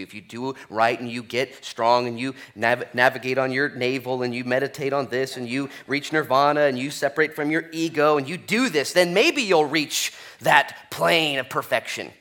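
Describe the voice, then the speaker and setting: A male pastor delivers a Bible-study sermon in a lively, joking, conversational way, tossing in "okay?" as he goes. His voice is bright and forceful, pushing each point home with energy. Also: medium pitch, normal speed. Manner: animated, jokey, conversational preaching with frequent "okay?". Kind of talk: expository sermon.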